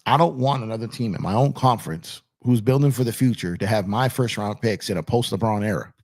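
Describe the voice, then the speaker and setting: A man's voice: lowish voice, fairly quick, a little mellow. Emphatic man ranting on a sports show. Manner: emphatic, repeats phrases, addresses chat as y'all. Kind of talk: animated basketball talk show. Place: home studio with purple lights. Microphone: on camera streaming setup.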